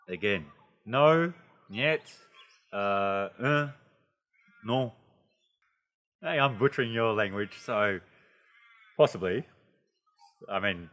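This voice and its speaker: A man's voice: mid-range voice, in a large hall. Chatty Australian man teaching English. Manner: chatty, animated, playful delivery with many asides. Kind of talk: casual video lesson.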